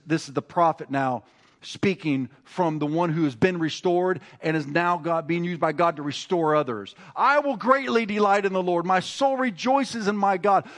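A male pastor preaching a sermon, moving from quiet, conversational asides to rising, emphatic exhortation, with frequent restarts. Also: fairly high pitch.

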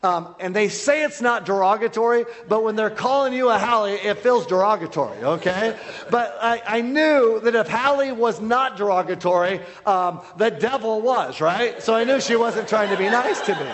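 High-voiced man preaching in a reverberant church. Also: lively intonation, moderate pace. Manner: loud, with many repeated restarts. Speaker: guest preacher. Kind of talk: sermon storytelling. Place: church hall. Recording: long hall reverb.

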